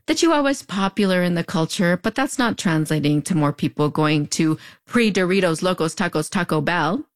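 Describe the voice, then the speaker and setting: A woman's voice: fairly low pitch, lively intonation, a little fast. A woman in her thirties with a US-Mexico border accent, telling a scripted story in a wry, conversational way with playful asides. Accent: US-Mexico border (fronterizo). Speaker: host. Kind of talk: scripted narration.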